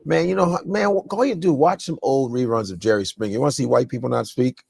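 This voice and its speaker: A comedian in casual chat, talking fast and animated and slipping into mock voices. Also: male voice, mid-range voice, creaky, slightly rough. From Nigeria-born family.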